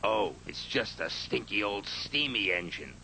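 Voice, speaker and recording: Man putting on a gravelly scornful diesel engine, bright edgy tone, slow drawl, swoopy pitch, storybook villain. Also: expressive, faint music behind, exaggerated voice, low-quality recording. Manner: mocking and scornful. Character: sneering boastful male diesel engine.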